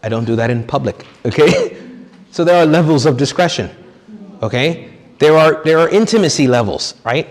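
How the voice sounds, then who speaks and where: Joking priest in an echoing hall. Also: male voice, on the high side, expressive, moderate pace. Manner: conversational, joking, acts out quoted people. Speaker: priest giving a retreat talk. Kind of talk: retreat sermon.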